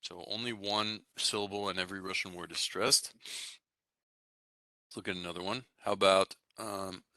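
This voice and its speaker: A man with a very low voice explains pronunciation to his class, steady and easygoing. His tone is strikingly bright and forceful, and it is recorded dry and close, with no room sound around it. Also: normal speed, no room sound. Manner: relaxed, explanatory, frequent "right?" and "okay?" check-ins. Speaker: Russian language teacher.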